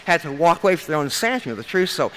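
An older woman speaks at a podium mic in a meeting room, telling her recovery story. Her voice is forceful and bright, and she has a frank, folksy, joking way of talking. She keeps calling the crowd "you guys.". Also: sits low, very animated, racing, a little hiss or hum. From Nebraska, US.

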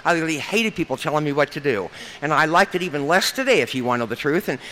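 An older woman from Nebraska speaks into a podium mic in a meeting room about her recovery, her voice forceful, bright and low-pitched. Animated and quick, she jokes in a frank, folksy way and keeps calling the audience "you guys."

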